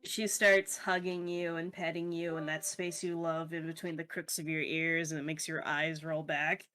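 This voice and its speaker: A woman's voice: deep voice, level tone, normal speed, fairly bright tone. A woman narrating a tabletop game as game master, casual and loose, swearing often.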